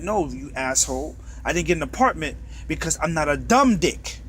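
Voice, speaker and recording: A man's voice: fairly high pitch, animated, brisk, hardly any pauses, a bit bright, husky. Bitter New York man ranting. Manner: profane, bitter, agitated. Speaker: truck driver. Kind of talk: angry ranting monologue. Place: inside a truck cab.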